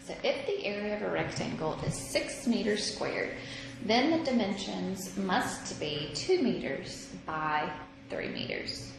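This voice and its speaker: A woman teaching math at a slow, unhurried pace, with a low, gravelly edge to her voice. She talks patiently and thinks out loud through examples. The recording is very echoey, with clear background noise. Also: lively intonation. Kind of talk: recorded classroom lesson.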